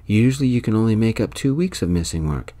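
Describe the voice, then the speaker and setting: A man playing a responsible young older brother in a soft-spoken whispered role-play, firm and earnest. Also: on the low side, lively intonation, quick pace, voice pushed up, close to an everyday voice.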